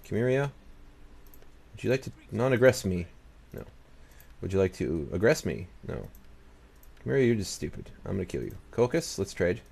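A man's voice: lowish voice, very animated, normal speed, gravelly, pauses often, a little mellow, breathy edge. A man giving casual let's-play commentary as he plays, muttering to himself, talking back to the game's nations and swearing now and then. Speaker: gaming channel host.

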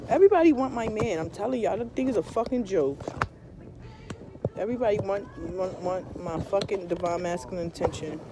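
A woman ranting loudly and profanely in a casual vlog, telling an animated story. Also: medium pitch, normal speed, music in the background. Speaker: tarot vlogger. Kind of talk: casual rant to camera.

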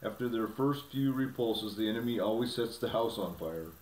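A man voicing a wise old male raven who speaks in a croaking, measured way, for a storybook reading. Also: lowish voice, expressive, a little mellow, close to an everyday voice. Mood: grave. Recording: roomy, from a distance.

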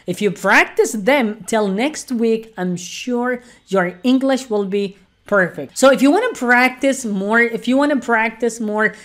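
Slow, patient woman teaching grammar. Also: mid-range voice. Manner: patient, repeats each example sentence; instructive, addresses learners directly. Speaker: English teacher. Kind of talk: online grammar lesson.

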